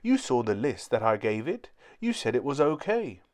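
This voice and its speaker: A man reading a children's storybook aloud, voicing a cheeky, excitable young boy in a high, eager voice. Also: moderate pace, natural voice. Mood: alarmed.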